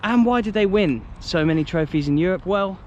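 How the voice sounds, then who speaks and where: A man's voice: high-pitched, animated, brisk, darkish tone, lo-fi sound. A young British man chatting enthusiastically through a walking vlog outside a stadium, with jokey asides. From United Kingdom. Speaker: football travel vlogger. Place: outdoors by a stadium in a city. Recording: outdoor street noise.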